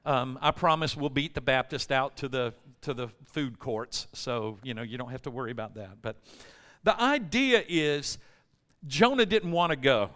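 This pastor speaks at a moderate pace in a medium, fairly bright voice, amplified loudly in the church sanctuary. His casual sermon is full of jokes, acted-out prayers and fillers.

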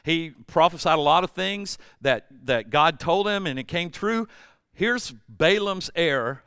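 A male pastor preaches in a conversational, animated way, slipping into the voices of the people he describes. His voice sits high, with a crisp, smooth tone. The sound is close and dry. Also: no echo. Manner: conversational and animated, acts out quotes. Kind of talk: sermon.

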